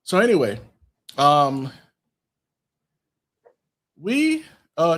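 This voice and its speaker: His voice is mid-range and unhurried as he casually recaps a film on his podcast. Reading scenes out in his own voice, this male host leans heavily on fillers.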